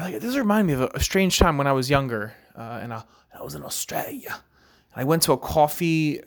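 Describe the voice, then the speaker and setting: A man hosting a casual solo podcast chat, rambling loosely with lots of "like" and "right?" and the odd easy laugh. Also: medium pitch. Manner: rambling, filler-heavy, frequent "like" and "right?"; relaxed, laughs now and then. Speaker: podcast host.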